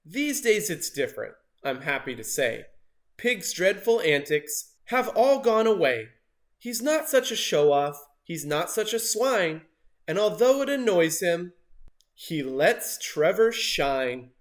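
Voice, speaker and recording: A man reading a rhyming picture book aloud with lively expression, jumping into loud character voices. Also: sits high, slow pace. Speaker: storybook reader.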